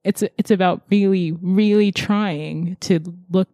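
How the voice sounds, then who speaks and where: A woman's voice: mid-range voice, steady tone, unhurried, mellow, no room sound. A woman co-hosting a casual discussion podcast, talking in an earnest, reflective way with casual slang. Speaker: podcast co-host discussing a TV show.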